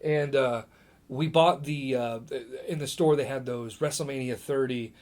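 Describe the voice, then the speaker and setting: A man from Indiana, a podcast guest, telling a story in casual chat, lively and full of fillers and restarts. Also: mid-range voice, unhurried. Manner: animated, acts out quotes, many fillers and restarts.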